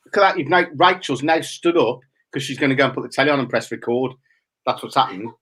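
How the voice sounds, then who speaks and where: A man's voice: medium pitch, fast talker, fairly bright tone, breathy edge. A middle-aged man, hosting a casual chat and joking around. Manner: teasing, jokey. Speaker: host.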